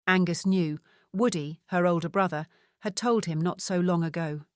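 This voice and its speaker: A woman narrating an audiobook novel in an even, measured reading. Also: fairly low pitch, no room sound, clean studio sound. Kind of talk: scripted narration.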